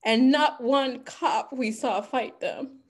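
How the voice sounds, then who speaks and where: A woman giving an earnest, emphatic talk, speaking with deep conviction about lived experience. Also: takes it slowly, husky. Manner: earnest, emphatic, becomes emotional. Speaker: guest speaker. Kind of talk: impassioned talk.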